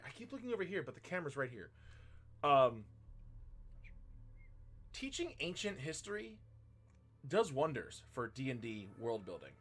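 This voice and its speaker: A man's voice: medium pitch, fairly bright tone. A man in his thirties chatting casually on a stream, telling a story with a lot of swearing and laughter. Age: 30s. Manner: profane storytelling, laughing often. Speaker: streamer and teacher.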